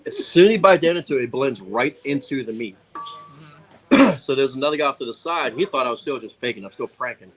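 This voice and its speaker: A man's voice: mid-range voice, brisk. A man telling a funny story on a casual talk show, acting out what people said. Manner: animated, laughing storyteller acting out quotes.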